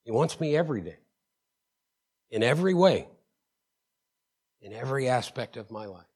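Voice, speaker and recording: A male pastor preaching in a middle-pitched voice and telling stories from his own life. He leans hard on key words, calls out to the congregation for agreement and stumbles over repeated words as he builds momentum. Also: expressive, normal speed, a little mellow, breathy edge. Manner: emphatic, with call-outs to the congregation; storytelling, stammers and repeats words. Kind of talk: sermon.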